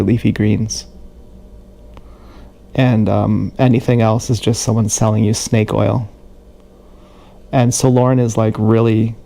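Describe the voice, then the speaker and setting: A man talking in a casual rambling monologue on a livestream, halting with many restarts and repeated words, recorded on an action camera mic. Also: medium pitch, creaky, mellow.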